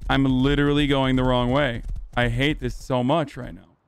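Swearing young male streamer, clear voice. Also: medium pitch, level tone, moderate pace. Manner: frustrated, swearing, repeats himself. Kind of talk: casual gaming stream commentary.

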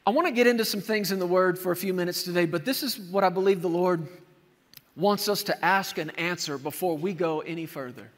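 A man preaching an animated sermon to a church, acting out scenes from the story as he goes. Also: high voice, fairly quick. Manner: animated preaching, acts out scenes with shouted quotes. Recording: long hall reverb.

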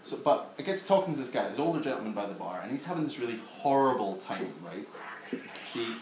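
A man's voice: medium pitch, lively intonation, fast talker. A young man doing a live stand-up set in a small basement venue, wry and self-deprecating, bantering with the front row. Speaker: stand-up comedian. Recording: echoey room with audience noise. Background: audience ambience and laughter.

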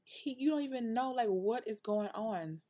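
A woman's voice: fairly high pitch, moderate pace, dark tone, voice pushed up, close to an everyday voice. A woman voicing a strict, furious middle-aged mother in a life-sim game, scolding her daughter and ordering her out.

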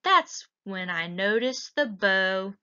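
A woman teacher reading a picture book aloud in a slow, expressive way. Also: mid-range voice, clean tone. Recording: dull lo-fi recording.

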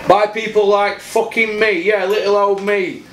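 A high-voiced South Yorkshire man rants about boxing on his own channel, blunt and full of swearing, hammering points home by repeating them. He sounds like he is in an echoey room with a faint hiss of noise behind him. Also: little pitch movement, a little slow, fairly bright tone. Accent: South Yorkshire English. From Doncaster, South Yorkshire, England. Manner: blunt, heavy swearing, repeats himself for emphasis. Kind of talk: solo boxing opinion rant.

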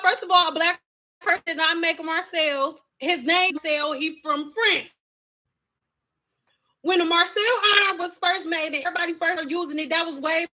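A woman's voice: very high-pitched, pushed and bright. A woman who used to do hair professionally, chatting casually on a live stream and answering viewers' hair questions in a sassy, direct way.

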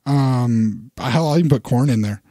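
A man in his thirties, co-hosting a podcast in casual chat, rambling and animated with self-deprecating humor. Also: mid-range voice, normal speed, no room sound, studio quality. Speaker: podcast co-host.

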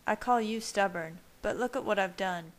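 A woman's voice: medium pitch, moderate pace, close to an everyday voice. A woman voicing an intense, yearning young man who speaks with earnest passion, in a fan-read storybook. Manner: earnest, impassioned.

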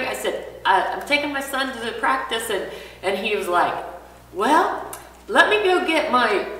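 A woman with a bright, fairly high voice tells a personal story to her church class, acting out each line of dialogue. She sounds distant from the microphone, and the room around her rings with long reverb.

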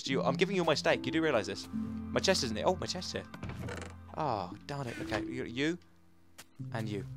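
A young man talks through his game in a loose, rambling way, coaxing animals and muttering to himself. His voice is mid-pitched and jumps up in sudden excited shouts. Game music plays clearly under his voice. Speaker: gaming channel host. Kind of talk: casual let's play commentary.

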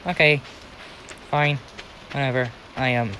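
A man's voice: medium pitch, fairly even intonation, unhurried, noisy background. A young American man giving rambling, casual commentary while playing a farming game, talking to himself with many restarts. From United States. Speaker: gaming channel host.

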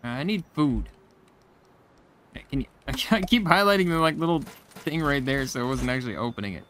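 Animated man narrating a game. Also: medium pitch, moderate pace, slight background noise. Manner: chatty, reacts aloud and laughs at the game. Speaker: gamer. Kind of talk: casual let's-play commentary.

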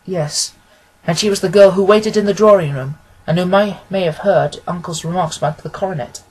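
A man reading aloud who voices an earnest, grieving young woman pleading for her cousin in a husky voice. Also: sits high, fairly quick, darkish tone, poor audio. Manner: earnest, imploring.

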